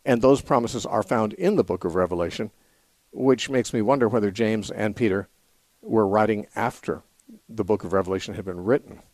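A man hosting a call-in radio show, answering questions about the Bible in a measured, explanatory way, thinking aloud with small restarts. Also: fairly low pitch, darkish tone, dry recording. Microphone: studio mic.

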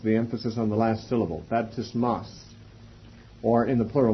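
A man teaching a Bible class in a methodical way, spelling out words and pausing often. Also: mid-range voice, lively intonation, husky. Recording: dull lo-fi recording.

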